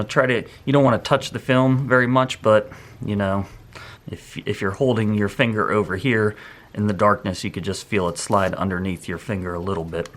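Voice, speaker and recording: A man explaining a hands-on film photography task step by step, in a relaxed, rambling way, thinking aloud as he works. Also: lowish voice. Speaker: photography instructor. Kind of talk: hands-on tutorial.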